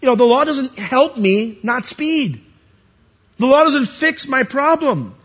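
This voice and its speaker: A man preaching a sermon, animated and rising to high emphatic peaks as he quotes scripture. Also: takes it slowly, husky, dull audio.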